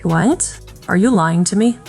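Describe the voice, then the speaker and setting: A woman's voice: medium pitch, animated, measured pace, vocal fry, darkish tone, soft background music. A woman voicing a sobbing young brother. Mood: grieving. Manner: urgent, tearful. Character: grieving young man, a werewolf's brother.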